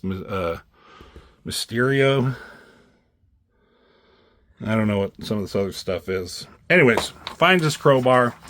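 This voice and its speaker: A man at an ordinary middle pitch walks through comic panels in a loose, chatty way. He swears casually and fills gaps with ums as he goes. The tone stays offhand and unscripted throughout. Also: a bit bright. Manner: loose, profane, lots of filler ums. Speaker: comic book reviewer.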